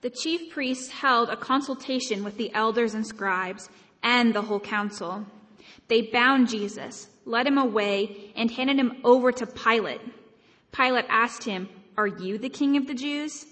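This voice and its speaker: Higher-voiced woman reading scripture, echoing church. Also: a little slow, a bit bright. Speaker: scripture reader. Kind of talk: liturgical Gospel reading. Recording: long echo in a large church.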